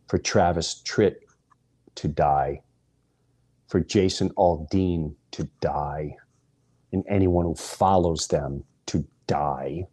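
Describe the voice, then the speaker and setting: A middle-aged male podcast host with a low, warm voice delivers an impassioned monologue. He hammers single words, leaving long pauses between them.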